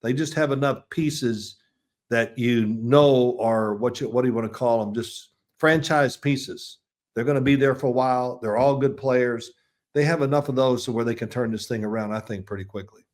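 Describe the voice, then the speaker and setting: A man's voice: mid-range voice, moderate pace, a little mellow. A man in his sixties, a football analyst guest, telling chatty, rambling anecdotes with restarts and chuckles in a casual interview.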